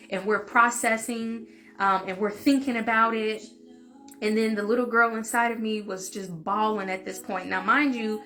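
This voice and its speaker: A woman's voice: medium pitch, bright, forceful tone. A young woman vlogger tells a personal story in an open, emotional way, close to tears at times. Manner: emotional, confessional, speaks openly and with feeling. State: tearful at times.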